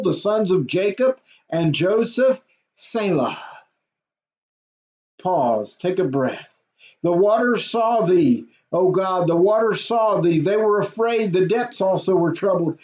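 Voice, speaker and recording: A man's voice: high-pitched, a little mellow. A man, a pastor reading a psalm aloud and then explaining it plainly in a short devotional talk. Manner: reads scripture slowly, then explains plainly. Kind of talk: devotional Bible reading and commentary. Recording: dull lo-fi audio.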